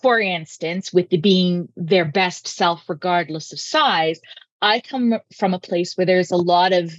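A woman podcast host and communication coach, talking in a lively, emphatic way. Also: fairly low pitch, a little slow, no room sound, highs cut off. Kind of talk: casual interview chat.

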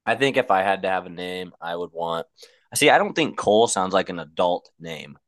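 A young man with a low voice chatting loosely on a podcast with his friends. He jokes around and laughs easily. The sound is dry and close. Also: expressive, moderate pace, fairly bright tone, no echo. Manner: laughs often, loose and joking. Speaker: podcast co-host. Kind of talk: casual chat among friends.

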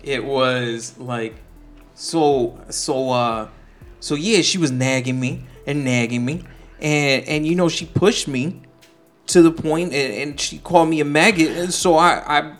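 A man's voice: on the high side, unhurried, faint music behind. A young man co-hosting a podcast in casual, joking chat, often trailing off and restarting. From Dominican heritage, New York. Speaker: podcast co-host.

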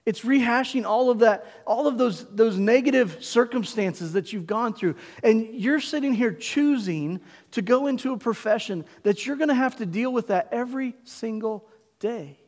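A middle-aged male pastor preaching a sermon in a church, emphatic, with dramatic pauses and call-and-response. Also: very high voice, darkish tone, in a large hall. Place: church sanctuary.

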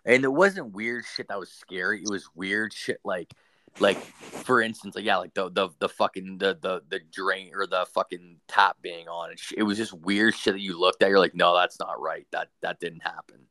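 Young guy, real low voice, dry sound, rambly sweary ghost story, lots of likes and dudes. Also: steady tone, normal speed, bright, forceful tone, no echo. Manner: profane, rambling, filler-heavy. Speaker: storyteller guest. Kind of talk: casual ghost story chat.

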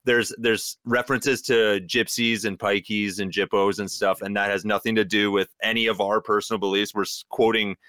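A man's voice: on the low side, little pitch movement, moderate pace, hardly any pauses, fairly bright tone, dry recording, clean studio sound. A man co-hosting a podcast, chatting casually and rambling with lots of fillers. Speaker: podcast co-host.

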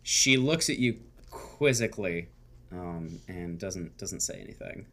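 A man narrating as game master of a tabletop game, talking in halting bursts full of fillers and restarts. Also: deep voice, animated, fairly bright tone, a little hiss or hum.

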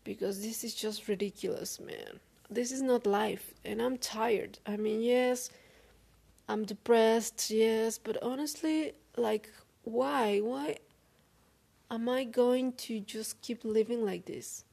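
Slow, weary woman venting frankly. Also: fairly high pitch, fairly even intonation, vocal fry, mellow. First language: not English. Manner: weary, frank, halting, swears often. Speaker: vlogger. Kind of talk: personal confessional vlog.

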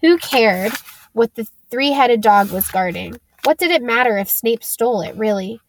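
A woman narrating an audiobook chapter in a gentle, steady storytelling voice. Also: fairly high pitch, normal speed, slight background noise. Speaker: audiobook reader.

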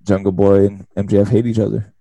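A deep, gravelly man in a dry, close-miked booth, chatting casually about wrestling as a podcast co-host. His tone is dark and low, and he laughs a lot while acting out what the wrestlers said. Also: flat delivery, fast talker, dry recording. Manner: laughs often, acts out wrestlers' lines.

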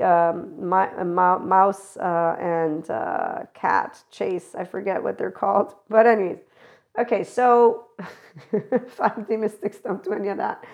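A woman's voice: medium pitch, creaky. A woman hosting a spiritual talk, rambling casually, laughing often and acting out the voices of people she quotes. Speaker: spiritual channeler and podcast host.

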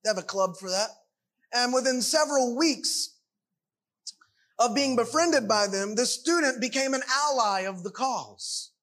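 A man's voice: extremely high pitch, animated, measured pace, fairly bright tone. A man preaching a sermon, emphatic and full of rhetorical questions.

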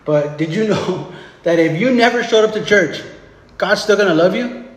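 A man with a slightly high voice preaches in a loose, conversational way, full of restarts and quick tag questions. His voice rings out through a large hall with a long, echoey reverb. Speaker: pastor. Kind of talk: sermon.

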